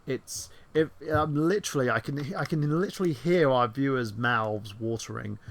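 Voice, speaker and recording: A man co-hosting a casual online chat show, rambling excitedly and swearing freely. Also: medium pitch, moderate pace. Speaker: podcast co-host.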